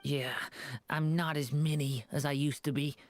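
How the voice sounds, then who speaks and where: A man playing a gentle, polite young man. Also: on the high side, fairly even intonation, moderate pace, dry recording, natural voice. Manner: soft, polite, earnest. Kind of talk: game voice acting.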